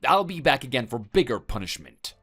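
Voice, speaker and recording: A man's voice: mid-range voice, very animated, brisk, a bit bright, slightly rough, soft background music. A man voicing a stern husband in a text message story, lecturing and threatening.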